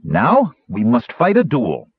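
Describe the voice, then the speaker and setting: A man's voice: mid-range voice, lively intonation, brisk, husky, no echo, pitched above the performer's own voice. A man voicing a small, cheeky male kender who puts on mock dignity. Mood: mock-grand. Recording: tinny phone-like audiobook recording.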